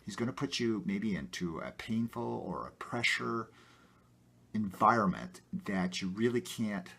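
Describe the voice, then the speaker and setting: Husky low-voiced man, rambling and animated. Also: a little slow. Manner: rambling, many "you know" fillers, animated. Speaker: video host. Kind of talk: casual personal talk to camera.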